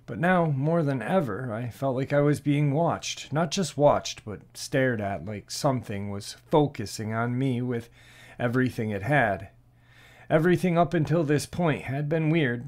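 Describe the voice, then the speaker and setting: A man narrating a listener's frightening encounter in a steady, measured storytelling voice. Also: mid-range voice. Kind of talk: scripted narration.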